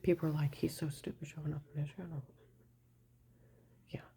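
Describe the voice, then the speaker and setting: A woman's voice: low-pitched, level tone, brisk, creaky, warm tone, slight background noise. An older woman giving a rambling, agitated personal account, mostly in a whisper. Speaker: vlogger telling her story.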